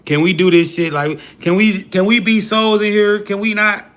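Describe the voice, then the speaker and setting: A man's voice: high-pitched, flat delivery, moderate pace, fairly bright tone, smooth. Preachy, profane man ranting to his stream. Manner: preachy, profane, hype talk with slang. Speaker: livestream host. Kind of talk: casual livestream rant.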